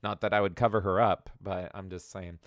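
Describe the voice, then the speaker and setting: A man co-hosting a gaming podcast in a casual chat, excitable and quick to swear, with rapid exclamations. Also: low voice, dry recording, studio quality. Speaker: podcast co-host.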